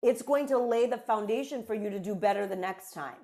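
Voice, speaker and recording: A woman's voice: medium pitch, a little fast, dark tone. A woman co-hosting a casual podcast conversation, a parent who speaks in an earnest, reflective way and lists her points. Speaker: podcast co-host.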